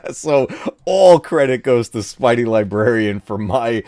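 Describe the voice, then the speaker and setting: A man hosting a casual live gaming stream from home, excitable and laughing often as he talks to his chat. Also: mid-range voice, measured pace, no echo, clean studio sound. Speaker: gaming channel host. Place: home room.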